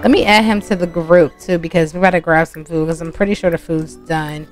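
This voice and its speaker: A woman's voice: fairly low pitch, fairly even intonation, brisk. A woman hosting a gaming channel, chatting casually and laughing as she narrates gameplay to her viewers. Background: soft music.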